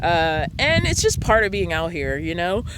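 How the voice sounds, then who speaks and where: A woman talks casually at an outdoor desert campsite beside her van, rambling and often pausing with ums. The recording has clear, steady background noise around her voice. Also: fairly low pitch. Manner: chatty, rambling, frequent ums. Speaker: van-dwelling vlogger. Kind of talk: casual chat.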